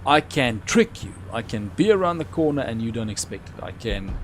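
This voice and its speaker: A young man talks his way through a live game stream in a lively, bouncing voice, rambling casually between sudden excited yelps. A faint hum of noise sits behind him. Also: medium pitch, normal speed. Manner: chatty, with sudden excited outbursts. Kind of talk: live gameplay commentary.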